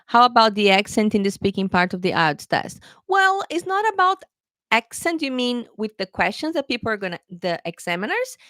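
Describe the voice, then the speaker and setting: A woman's voice: fairly high pitch, very animated, moderate pace, fairly bright tone, no echo. Woman english tutor doing a live q&a, super chatty, says okay guys a lot, dry close sound. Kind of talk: casual live Q&A lesson.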